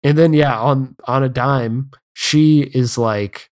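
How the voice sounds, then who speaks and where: A man co-hosting a podcast, recapping a film's plot in a relaxed, casual way with fillers and dry remarks. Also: mid-range voice, slow pace. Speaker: podcast co-host. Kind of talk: casual film discussion chat.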